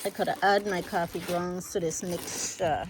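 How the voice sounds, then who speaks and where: A woman vlogging casually outdoors on her farm, chatty and excitable, talking straight to her viewers from a handheld phone. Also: fairly low pitch, normal speed, slight background noise. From United States. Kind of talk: casual vlog narration while working.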